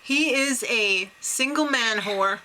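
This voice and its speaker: A young American woman co-hosting a casual reality TV recap chat, giggly and prone to loud laughs. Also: a little high, takes it slowly, rough recording. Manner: giggly, breaks into loud laughs and mock voices. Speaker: co-host of a reality TV recap show.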